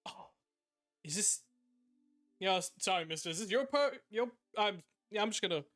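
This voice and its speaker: A man's voice: high voice, expressive, moderate pace, a bit bright, soft background music, pitched above the performer's own voice. A man voicing a cocky young male street urchin thief, babbling fake apologies. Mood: fake-apologetic.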